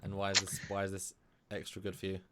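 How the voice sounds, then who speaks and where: British male co-host, eager and rambling, lowish voice, casual live-stream chat. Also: completely flat delivery, fast talker, very noisy. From Britain. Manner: enthusiastic, rambling with restarts.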